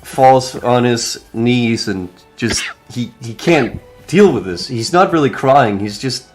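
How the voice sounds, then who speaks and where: A man's voice: medium pitch, expressive, takes it slowly, faint music behind. Profane, casual male game master. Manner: loose and profane, with restarts. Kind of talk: casual tabletop game narration.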